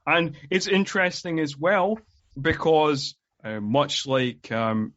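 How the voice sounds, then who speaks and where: A man's voice: a little high, takes it slowly, fairly bright tone, highs cut off, slight background noise. A man co-hosting a podcast, chatting casually about a film with frequent ums and uhs. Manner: hesitant, many ums and uhs. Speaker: podcast co-host.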